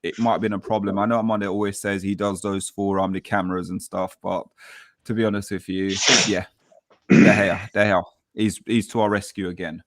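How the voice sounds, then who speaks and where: A man's voice: on the low side, little pitch movement, a little fast. A man hosting a casual football fan show, upbeat and repeating himself. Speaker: host.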